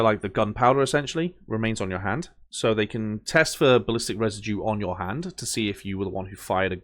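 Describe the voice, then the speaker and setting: A man's voice: fairly low pitch, fairly bright tone. A young man casually commenting while playing a game, rambling off on tangents with lots of fillers. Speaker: gamer reading and commenting on a game. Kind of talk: let's play commentary.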